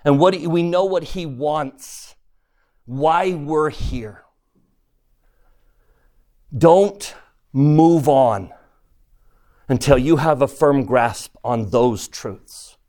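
A man's voice: a little high, very slow, pauses often, warm tone. A man teaching a religion class, lecturing on scripture and posing questions to his listeners as he retells the story.

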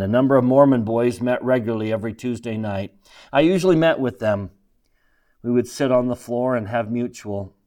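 Older man telling a measured sermon story. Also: medium pitch, mellow. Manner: measured, earnest storytelling with deliberate pauses. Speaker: church leader.

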